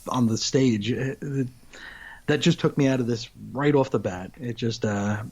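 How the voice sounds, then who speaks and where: Chatting casually as a podcast co-host, a man rambles and keeps restarting his thoughts. His voice sits at medium pitch with a darkish, breathy-edged tone, and he talks at a normal speed.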